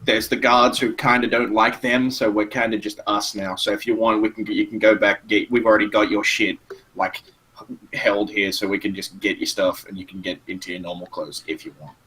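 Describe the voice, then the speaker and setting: A man's voice: fairly low pitch, little pitch movement, normal speed, sharp tone, husky, rough recording. Blunt man at a tabletop game. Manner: blunt, exasperated. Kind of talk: casual role-play chat.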